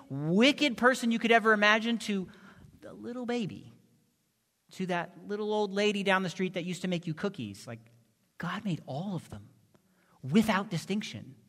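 A male pastor preaching a sermon, impassioned, moving from soft pleading to loud emphasis. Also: sits high, expressive, normal speed. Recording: long reverb of a large hall.

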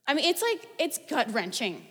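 A woman in her thirties delivers a sermon with a high, bright pitch. She talks in an animated, conversational way, full of stories and casual asides. Her voice rings out with a long hall reverb behind it. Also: normal speed. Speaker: preacher.

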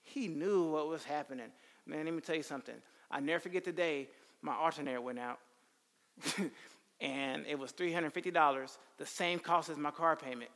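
A man teaching the Bible in a lively sermon style, telling stories and acting out quotes. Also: on the high side, moderate pace. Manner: animated storytelling, slips into character voices. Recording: long hall reverb.

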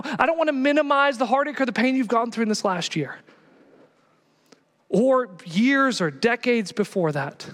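A male pastor preaching passionately, swinging from hushed lines to loud exhortation. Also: very high-pitched, expressive, moderate pace. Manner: passionate, builds to shouting exhortations. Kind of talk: sermon. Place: church. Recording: long reverb of a church hall.

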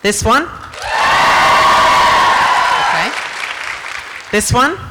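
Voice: mid-range voice, lively intonation, drawn-out words. A convention panel host running audience games on stage with a handheld mic, playful and laughing as they call out to the crowd. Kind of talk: lively stage hosting with an audience. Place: large convention hall stage. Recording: echoey hall with a live crowd and faint noise.

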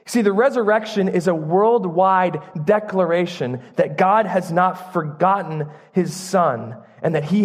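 A man preaching a sermon in church, earnest and emphatic, using dramatic pauses. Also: high voice. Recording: long church reverb.

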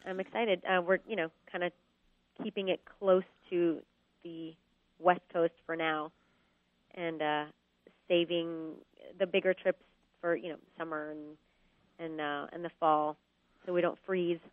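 A woman's voice: fairly low pitch, unhurried, long pauses, dry recording. Woman on a tinny phone line. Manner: relaxed, thinks aloud with many ums and uhs. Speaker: guest on the phone. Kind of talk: casual interview chat.

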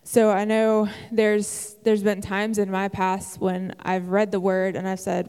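A woman preaches with earnest encouragement in a warm, smooth voice. The sermon carries a long reverb from a large hall. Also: mid-range voice, completely flat delivery, unhurried, hardly any pauses. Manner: earnest, encouraging, with occasional "um" fillers. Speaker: church speaker. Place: church sanctuary.

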